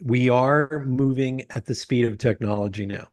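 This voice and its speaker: Speaking at a normal speed in a mid-range voice, a man hosts a casual business interview. He's an animated storyteller who laughs often and fills his speech with frequent "uh"s.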